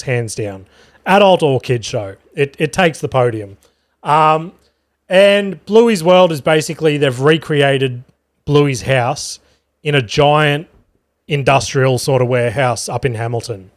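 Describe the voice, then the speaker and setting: A man's voice: medium pitch, no echo, studio quality. Profane Australian man telling stories. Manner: animated, profane, self-mocking. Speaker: podcast host. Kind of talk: casual storytelling chat. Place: home room with a cat.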